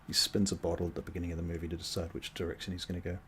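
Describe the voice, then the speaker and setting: A man's voice: deep voice, rapid-fire, slight background noise. A man running a tabletop game as game master, casual and joking. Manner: relaxed, joking, many fillers.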